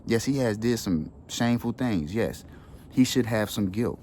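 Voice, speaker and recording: Earnest low-voiced man telling a personal story. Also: animated, moderate pace, dark tone, slight background noise. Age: adult with children. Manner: emotional, earnest, casual street slang. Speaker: wellness channel host.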